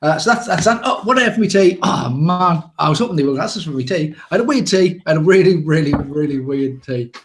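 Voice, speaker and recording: A man's voice: fairly high pitch, lively intonation, quick pace, few pauses. An English man hosting a casual live chat show, rambling and joking with plenty of restarts. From England. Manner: rambling, jokey, with many restarts. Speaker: podcast host.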